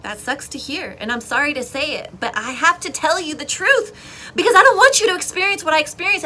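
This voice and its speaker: A young woman giving an earnest, fervent personal testimony, dropping to a hush and then rising to loud pleading. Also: high-pitched, slight background noise. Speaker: Christian content creator. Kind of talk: emotional testimony to camera.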